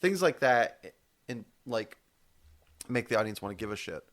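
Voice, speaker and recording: Crowd noise sits behind a male podcast co-host who talks casually, meandering and self-correcting, dropping the odd swear word. He speaks at a moderate pace in a lowish, sing-song voice.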